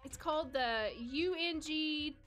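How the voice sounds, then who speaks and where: Faint music plays behind a woman with a high, fairly bright voice who speaks slowly in an American accent. Streaming a life-sim game, she's giggly and chatty, laughing often as she reads and replies to chat.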